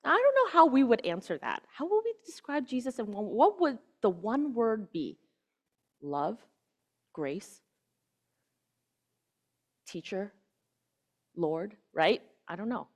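Woman preacher with a slightly high voice. Chatty and informal, she sinks to a near-hush for emphasis. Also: sing-song, slow pace, long pauses. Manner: casual, keeps asking "right?", drops to a hushed voice on key words. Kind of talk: conversational sermon.

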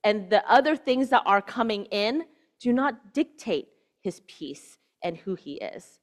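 A woman giving a conversational sermon. She keeps checking in with "right?" and drops to a hushed voice on key words. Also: mid-range voice, lively intonation, unhurried. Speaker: preacher.

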